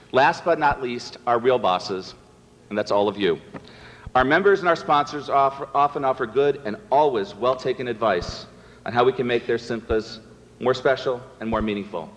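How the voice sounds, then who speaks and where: A man's voice: mid-range voice, moderate pace, in a large hall. A man giving a prepared thank-you speech at a banquet, reading it out with wry delivery. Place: banquet hall.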